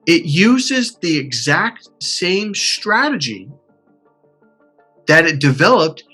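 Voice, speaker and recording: A man coaching a client in an animated way, acting out quotes and swearing casually. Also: on the high side, slow pace, breathy edge, soft background music. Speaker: life coach. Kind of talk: coaching session.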